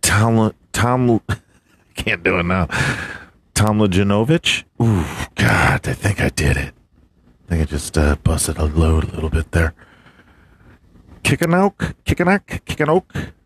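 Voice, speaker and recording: A man's voice: sits low, steady tone, measured pace, slightly rough, no room sound. A man hosting a casual solo podcast, swearing a lot, laughing, and fumbling through hard names. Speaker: podcast host.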